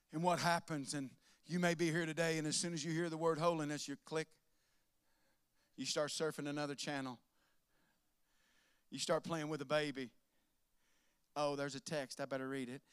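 A man preaching a sermon as pastor, swinging between loud preaching and soft asides, with laughs. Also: fairly high pitch, level tone, normal speed, pauses often, clear, resonant tone, dry recording, studio quality.

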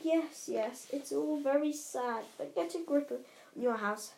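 A woman's voice: sits high, a little slow, creaky, a little mellow, a little hiss or hum, voice pushed up. A woman voicing a stern elderly witch professor, clipped and scolding, in a storybook reading. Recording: roomy echo.

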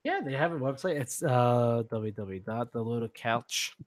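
A man's voice: medium pitch, measured pace, no room sound, clean studio sound. A man co-hosting a casual podcast, chatting and reading news items aloud with his own asides. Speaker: podcast co-host.

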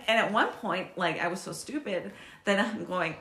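A woman in her thirties co-hosting a casual chat podcast, excitable and laughing often, swearing freely. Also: lowish voice, normal speed. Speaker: podcast co-host.

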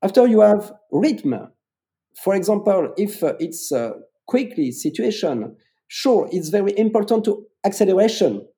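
A man with a French accent explains public speaking techniques as a coach. His pitch swings widely as he stresses words, and he often repeats them for emphasis. His tone is dark and mellow. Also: very animated, moderate pace. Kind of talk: explaining in an interview.

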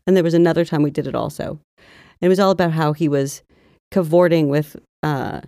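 A woman co-hosts a casual podcast, chatting and reading old diary passages aloud in an even tone. Her voice is low and mellow. The recording is dry and close. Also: fairly quick, no echo. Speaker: podcast co-host.

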